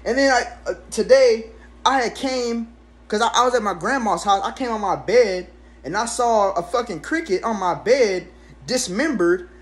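A man in his twenties telling a casual storytime rant at home, swearing constantly and jumping into sudden high exclamations. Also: moderate pace. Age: 20s. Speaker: vlogger.

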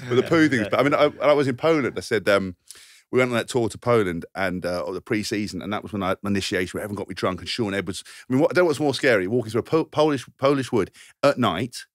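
Rambling low-voiced man on a podcast. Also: fast, no room sound, studio quality. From England. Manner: rambling, animated, acts out voices in his stories. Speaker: podcast co-host and former rugby player. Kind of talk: casual anecdote telling.

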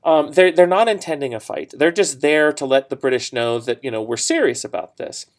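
A man gives a recorded history lecture in a relaxed storytelling way, full of "um", "right?" and small asides. His voice sits a little higher than most men's. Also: fairly quick. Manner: conversational storytelling with fillers and asides. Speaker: history teacher.

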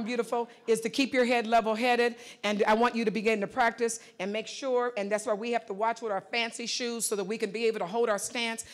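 A woman leading a live workshop on a conference stage, giving emphatic, direct instructions and calling on the audience. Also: a little high. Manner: emphatic, repeats words in quick bursts. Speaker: workshop facilitator. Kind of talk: live coaching session on stage.

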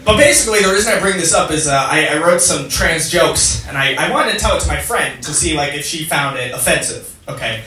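A man performing a stand-up comedy set in a comedy club, deadpan jokes and riffing with the crowd. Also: fairly high pitch, a little fast, few pauses. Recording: echoey club from a far mic, loud noise. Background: audience laughter.

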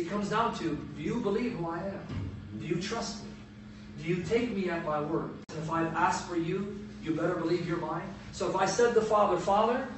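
A man preaching a sermon to an audience, emphatic and building to loud peaks on key phrases. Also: high-pitched, noisy background. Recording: echoey room, distant mic.

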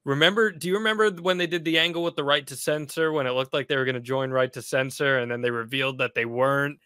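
A man co-hosting a podcast, asking questions and reminiscing like an excited fan, laughing easily. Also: mid-range voice, fast talker, smooth, dry recording, clean studio sound. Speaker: podcast co-host. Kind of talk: casual chat.

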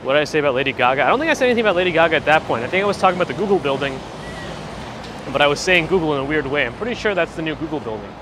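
A man's voice: a little high, lively intonation, racing. A man hosting a walking livestream on city streets, chatting casually and reading viewer comments aloud in a perky way. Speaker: livestream host. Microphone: handheld phone gimbal mic. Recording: noisy outdoor street audio. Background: street traffic.

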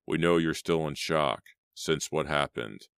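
A man voicing a remorseful teenage boyfriend in a storybook reading, talking in a soft, hesitant, apologetic way. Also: very deep voice, measured pace, vocal fry, smooth, no room sound, studio quality, full character voice. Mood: uneasy.

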